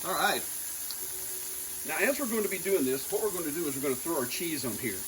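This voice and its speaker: A home cook with a Southern Georgia accent hosts his channel's casual cooking demo, joking and chatting with viewers as he cooks. His voice is fairly high, expressive and quick, with background noise.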